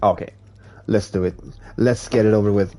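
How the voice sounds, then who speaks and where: A man with a hard-to-place accent chatting casually with viewers while streaming a racing game, talking in a relaxed, halting way. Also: fairly low pitch, a little hiss or hum. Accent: hard-to-place non-native English accent. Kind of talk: casual live-stream commentary.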